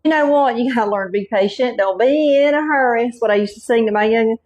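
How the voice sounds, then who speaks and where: Fast and fairly high-pitched with a darkish tone, this woman's voice comes through with lo-fi sound. She's a middle-aged cooking channel host from North Carolina with a Southern Carolina accent, demonstrating home cooking. Her manner is folksy and chatty, with frequent "y'all" and "okay."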